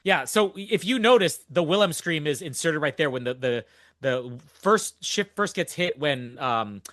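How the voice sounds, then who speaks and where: A man's voice: fairly high pitch, lively intonation, a little slow, a bit bright, dry recording, studio quality. A young man hosting a podcast, chatting casually and enthusiastically through a movie recap, rambling and laughing often. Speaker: podcast host.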